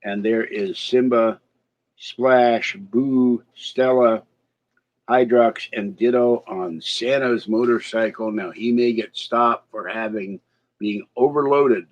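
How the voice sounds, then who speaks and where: This vlog features a medium-pitched man who takes his time as he chats loosely to the camera and grumbles about his day. Audio is lo-fi and a bit dull.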